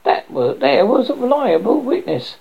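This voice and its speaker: A woman's voice: on the high side, big pitch swings, moderate pace, vocal fry, husky, pitched above the performer's own voice, heavily acted. A woman voicing a stubborn, scornful male pig on a jury, ranting at the others. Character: stubborn loud-mouthed male pig juror. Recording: dull lo-fi recording.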